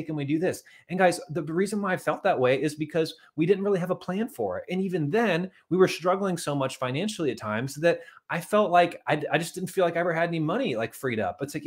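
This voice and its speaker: Male coach, upbeat motivational talk, chatty and direct, keeps addressing the audience. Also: fairly high pitch. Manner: energetic, chatty, keeps saying "guys" and "okay". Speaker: marriage and money coach.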